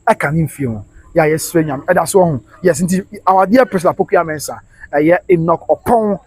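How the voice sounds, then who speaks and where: A man's voice: on the high side, moderate pace, darkish tone, slightly rough. A man with a Ghanaian accent hosting a casual live stream, reading out viewer comments, laughing often and switching between English and Twi.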